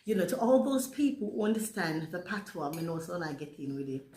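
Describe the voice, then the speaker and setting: A woman's voice: fairly low pitch, very animated, brisk, dark tone. A woman in her forties with a Jamaican accent tinged with British, telling a rambling storytime monologue and mixing patois into her English. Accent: Jamaican, mixed with British. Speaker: vlogger. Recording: roomy echo.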